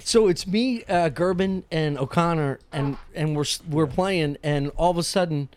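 A man hosting a casual comedic chat, an animated and profane storyteller. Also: a little high, moderate pace, slight background noise.

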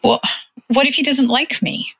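A woman's voice: high-pitched, steady tone, moderate pace, creaky, fairly bright tone, slightly rough, pitched above the performer's own voice, heavily acted. A woman playing a scared, tearful little boy. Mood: frightened. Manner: pleading, choked with fear.

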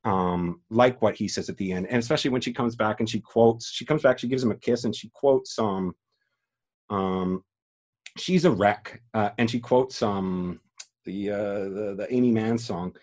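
Podcast host, male, lowish pitch, loose rambling delivery with frequent restarts. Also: normal speed, a little mellow. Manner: rambling, many restarts and fillers, swearing, emotional. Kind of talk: casual film discussion.

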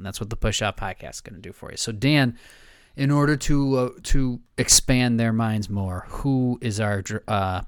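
A man's voice: medium pitch, smooth, no echo, studio quality. A man co-hosting a casual sports podcast, easygoing and often repeating words as he thinks aloud. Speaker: podcast co-host.

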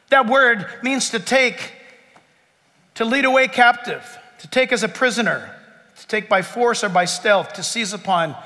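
High-pitched bright-voiced pastor preaching in a hall. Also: male voice. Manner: emphatic, rising to near-shouts then dropping low. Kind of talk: sermon. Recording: long hall reverb.

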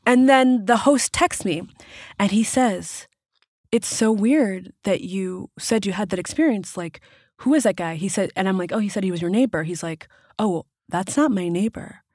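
Woman podcast guest, animated storyteller, acts out quotes, dry close studio sound. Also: medium pitch, moderate pace, no echo. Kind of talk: casual storytelling.

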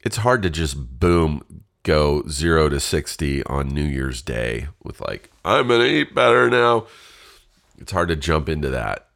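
Very deep, gravelly, slow-talking man. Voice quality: stuffy, congested. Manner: candid, self-deprecating, swears casually. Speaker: podcast host. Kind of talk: casual solo podcast talk.

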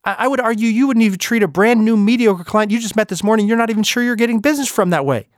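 A man's voice: sits high, quick pace, dry recording, clean studio sound. A man hosting a podcast, giving an emphatic motivational talk full of rhetorical questions. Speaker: podcast host and speaker.

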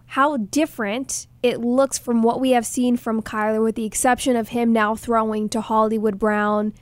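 A woman hosting a sports podcast in a fairly high voice, recorded close and dry. She chats in a playful way and laughs easily with her co-hosts. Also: flat delivery, normal speed, no room sound. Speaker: podcast host. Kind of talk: casual sports chat.

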